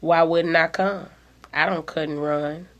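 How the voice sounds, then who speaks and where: A folksy, drawling man with an easy, teasing swagger, in a fairly low, unhurried voice, as a woman reader takes his part. He talks slow and sure in a told story, never rushing a word. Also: fairly even intonation, a bit bright, highs cut off. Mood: easygoing. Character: cocky drawling man of the earth. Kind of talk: audiobook dialogue.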